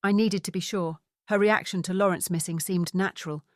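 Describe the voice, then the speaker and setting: A woman voicing a calm, dry-witted male private investigator. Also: high voice, fairly quick, dry recording, lightly acted.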